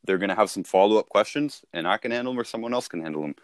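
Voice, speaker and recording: A man's voice: on the low side, expressive, rapid-fire, no room sound, studio quality. A man talking casually as a sales coach, repeating and restarting himself as he explains.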